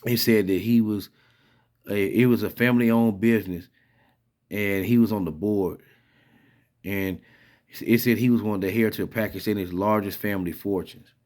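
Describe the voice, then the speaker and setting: Lower-pitched male vlogger, casual and rambling, skeptical head-shaking delivery. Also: fairly even intonation, normal speed, pauses often, darkish tone. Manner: rambling, conversational, many fillers and restarts. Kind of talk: casual spoken commentary.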